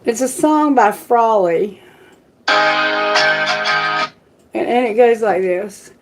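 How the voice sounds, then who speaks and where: A woman tarot reader talking casually to her live-stream viewers, unhurried and with fillers. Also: on the high side, animated, over music, rough recording. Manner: slow, unhurried talk with fillers.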